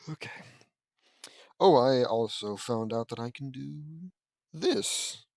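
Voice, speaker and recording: Reading a fan story aloud in a relaxed manner, a male audiobook reader and commentator keeps wandering off into rambling, self-correcting remarks. He speaks slowly in an expressive, medium-pitched voice that's a little mellow and carries vocal fry, captured in a dry recording.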